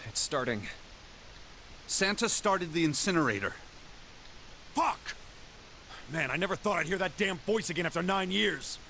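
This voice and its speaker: A tense young man in a video game talks tersely and curses under pressure. His voice sits high for a man and swings in pitch with a bright edge. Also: lively intonation, a little slow, vocal fry, long pauses, a little hiss or hum, heavily acted.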